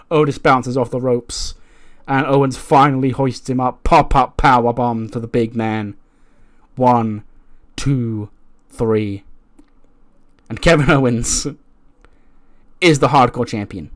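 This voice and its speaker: A man's voice: mid-range voice, dry recording, clean studio sound. A man casually narrating a wrestling management game, chatty with lots of fillers. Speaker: let's play host.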